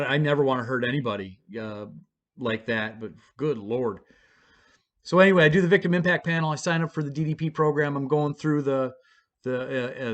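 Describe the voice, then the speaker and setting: A man's voice: medium pitch, fairly bright tone. A man casually telling his own story in a blunt, profane, rambling way, with frequent restarts.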